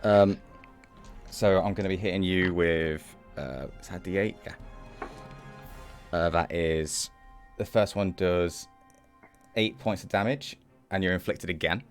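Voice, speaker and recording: A British man with a very low voice plays a tabletop game, excitable and quick to laugh. He swears casually as he tallies hits. Faint music runs behind him. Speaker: player.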